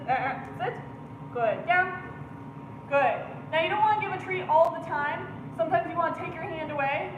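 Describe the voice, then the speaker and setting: A woman dog trainer explaining and demonstrating obedience commands, giving quick commands to her dog between chatty explanations. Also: high-pitched, muffled recording. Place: outdoors with a dog. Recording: echoey, distant outdoor camera audio with noise.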